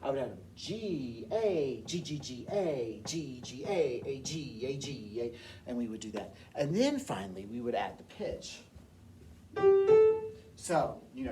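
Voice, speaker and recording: A woman music teacher runs a eurhythmics class, cheering on her students and chanting counts and syllables. Her voice is extremely low, warm, a little slow, and lively in intonation. The mic sits at a distance, with piano playing.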